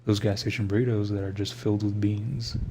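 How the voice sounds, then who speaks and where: Young guy rambling late at night, low gravelly voice, swears a lot, laughs to himself. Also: little pitch movement, a little fast, dark tone, a little hiss or hum. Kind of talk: casual reflective monologue.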